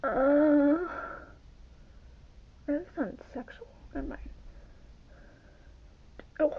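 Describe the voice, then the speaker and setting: A woman's voice: high-pitched, steady tone, drawn-out words. A young woman chatting in a rambling, self-mocking way while doing her hair and makeup for a phone video vlog. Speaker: vlogger. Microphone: phone camera. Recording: dull lo-fi phone recording.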